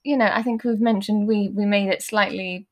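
A Scouse woman chats away as a podcast co-host, telling stories with many fillers. Her voice sits at a middle pitch. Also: fairly even intonation, moderate pace. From Liverpool, England. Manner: chatty storyteller, rambling with fillers. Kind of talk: casual chat.

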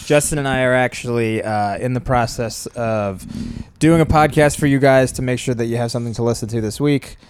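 A man's voice: medium pitch, brisk, a little hiss or hum. A man co-hosting a casual podcast, rambling and self-deprecating and laughing often. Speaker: podcast co-host. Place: home studio in New York. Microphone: portable recorder.

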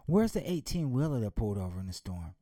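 A man voicing a calm, gentle father who soothes and reassures his daughter in a spoken story. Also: medium pitch, fast talker, no echo, clean studio sound, pitched below the performer's own voice, natural voice. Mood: calm, reassuring.

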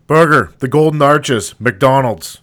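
A man's voice: medium pitch, takes it slowly, a bit bright. A man co-hosting a podcast, calling out rant topics in short, offhand prompts. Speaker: podcast co-host.

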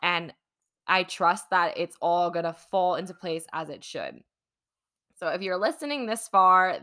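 A woman's voice: lowish voice, moderate pace, a bit bright. A woman hosting her own podcast, telling a personal story in a rambling, chatty way full of fillers. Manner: rambling, chatty, many "like" and "you know" fillers. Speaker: podcast host and manifesting coach.

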